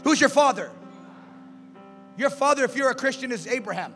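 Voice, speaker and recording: A male pastor with a very high, bright, piercing voice, shouting and calling back and forth with his congregation. The sermon is taken in a big hall with a long echo, and soft music plays under him. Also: animated, moderate pace. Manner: shouting call-and-response, drives the crowd. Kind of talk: preaching a sermon. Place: large church hall with music. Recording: echoey church hall with music behind.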